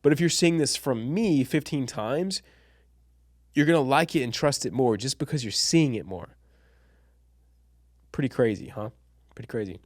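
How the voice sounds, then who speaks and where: A man's voice: medium pitch, animated, moderate pace, pauses often, no room sound, clean studio sound. A young man teaching a casual online copywriting lesson, chatty and slangy, calling listeners bro and dude and laughing at his own examples.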